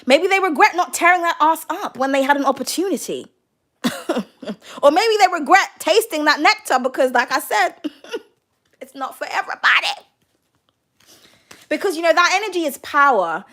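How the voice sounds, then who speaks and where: A British woman giving a casual tarot reading, brash and profane and quick to laugh. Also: high-pitched, expressive, fairly bright tone. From United Kingdom. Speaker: tarot card reader.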